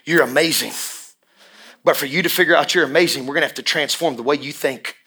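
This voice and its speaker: A man preaching a sermon, with impassioned swings from hushed lines to shouts and drawn-out emphatic repetitions. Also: a little high, husky. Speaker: pastor.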